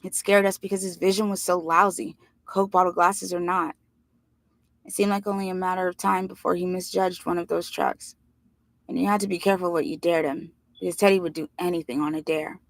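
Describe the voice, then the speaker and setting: Gravelly low-voiced woman reading aloud. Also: a little fast, no echo. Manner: plain steady first-person narration. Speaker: reader.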